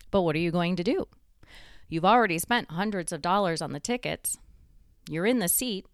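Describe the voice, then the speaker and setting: A woman's voice: on the low side, lively intonation, moderate pace, no echo, studio quality. A woman host telling a guided second-person story in a conversational way, drawing the listener into the scene.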